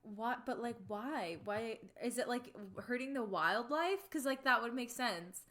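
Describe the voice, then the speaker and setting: A woman's voice: on the high side, measured pace. Chatty young woman podcast co-host. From United States. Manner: chatty, animated, lots of "like" fillers. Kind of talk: casual chat.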